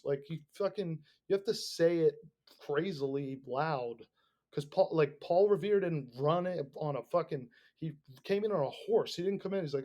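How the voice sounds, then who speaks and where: A young man hosting a podcast, rambling in casual, profanity-laden talk that swings between mumbled asides and loud bursts. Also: fairly high pitch, moderate pace. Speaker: podcast host.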